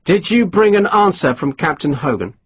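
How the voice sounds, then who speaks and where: A man voicing a terse army lieutenant who answers in an even, quietly insolent voice. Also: on the high side, moderate pace, husky, pitched above the performer's own voice.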